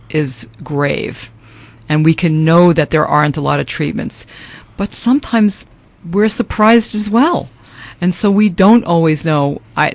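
A woman physician appearing as a guest, answering in a measured, careful way. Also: deep voice, gravelly, dry recording. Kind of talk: interview answer.

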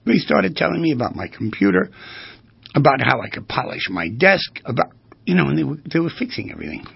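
A man speaking as a therapist in a lecture-style monologue, animated and full of rhetorical questions, with a gravelly, husky voice. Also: mid-range voice, a little fast, dry recording. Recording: dull lo-fi recording.

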